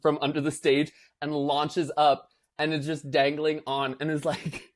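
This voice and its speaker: A young man co-hosting a casual podcast, telling a lively story with lots of fillers and acting out what people said. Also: on the high side, unhurried. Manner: animated storyteller, acts out quotes in voices, many fillers. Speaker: podcast co-host.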